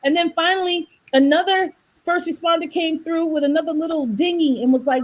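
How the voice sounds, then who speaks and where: A woman with a very high-pitched voice talks fairly quickly over a muffled recording. She's a wellness coach on a video call giving a faith-based wellness livestream about faith and health, storytelling animatedly, sounding preachy, and acting out voices in her jokes.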